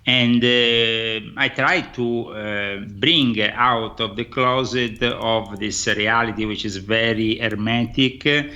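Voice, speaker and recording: A man's voice: mid-range voice, fairly even intonation, sharp tone. Italian man, hesitant, muffled call. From Italy. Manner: hesitant, many pauses and fillers. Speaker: guest. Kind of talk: phone-in interview.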